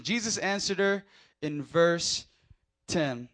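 A male pastor preaching a sermon, animated, acting out voices and swinging from quiet asides to shouting. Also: sits high, moderate pace. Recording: audio of a live sermon.

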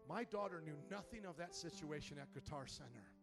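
A man in his thirties preaching a sermon in church, swinging from soft, choked-up storytelling to loud, shouted exhortation. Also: expressive, a little fast, over music. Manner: preaching with big emotional swings, shouting high when fired up. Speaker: pastor. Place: church sanctuary.

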